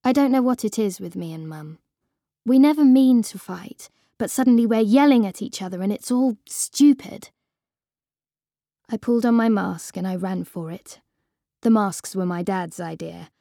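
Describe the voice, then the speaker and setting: A woman reading a storybook aloud as an expressive first-person narrator. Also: mid-range voice, vocal fry, no room sound, studio quality. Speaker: audiobook reader.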